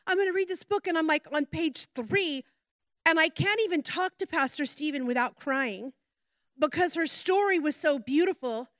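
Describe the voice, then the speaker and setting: A woman pastor with a very high, bright-sitting voice delivers an emphatic sermon, slowing down to press on key words. She tells stories with expressive quoted voices. The sound is close and dry, with no room around it. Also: no room sound. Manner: warm storytelling with voiced quotes.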